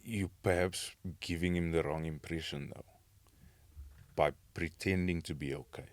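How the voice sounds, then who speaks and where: Brief: very low male voice, dry close sound, thoughtful podcast host. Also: steady tone, a little slow, no room sound. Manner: reflective, searching for words. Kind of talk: conversational podcast.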